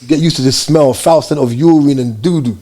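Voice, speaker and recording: A man from Jamaica, telling his story as an interview guest in fast, animated street slang. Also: fairly high pitch.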